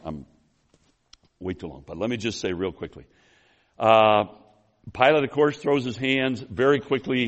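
Animated male preacher telling a story. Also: medium pitch. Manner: animated storytelling that swings between loud emphasis and quiet asides; addresses the congregation as folks, with restarts and apologies for running long. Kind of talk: expository sermon.

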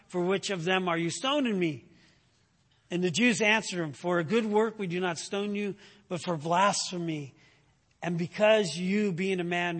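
Man, preacher, sermon, high voice, raspy edge, asks rhetorical questions. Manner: teaching with frequent "right?" check-ins and rhetorical questions; animated, rising in pitch when making a point.

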